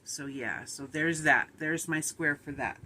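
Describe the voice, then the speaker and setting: A woman's voice: sits low, a little slow, sharp tone, slight background noise. A middle-aged woman, chatting casually and rambling a little on her vlog while sounding tired and run down. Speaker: vlogger.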